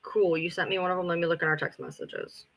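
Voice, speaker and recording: A livestream host tears into a story with heated, profane energy. The voice is bright and forceful, in a middle register, and rushes ahead in bursts. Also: mid-range voice, steady tone. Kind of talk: casual livestream rant.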